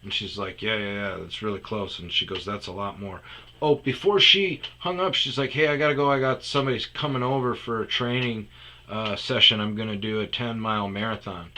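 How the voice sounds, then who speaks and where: A man's voice: fairly low pitch, fairly even intonation, brisk, sharp tone. A man telling a rambling comedic story about a phone call, often dropping into muttered asides. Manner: rambling, restarts, drops to muttered whispers.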